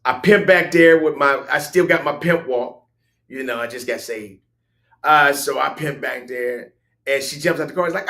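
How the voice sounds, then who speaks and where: A man hosting a talk show, telling a personal testimony in an animated storytelling way, switching between loud exclamations and hushed asides. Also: a little high, normal speed. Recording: roomy echo.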